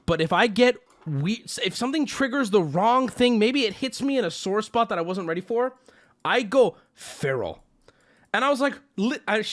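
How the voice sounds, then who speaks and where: A male streamer telling an animated story as a swearing, exasperated rant, acting out both sides. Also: high voice.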